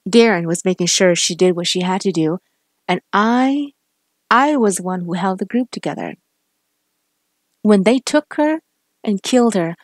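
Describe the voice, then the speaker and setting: A woman's voice: fairly low pitch, no echo, lightly acted. A woman voicing a vengeful male cop turned killer, menacing and taunting, in a dry, close recording.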